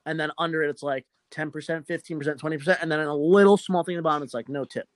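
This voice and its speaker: A man's voice: a little high, fairly even intonation, racing, dry recording. Young male podcast host, casual and profane, rambling storyteller with a dry, close sound.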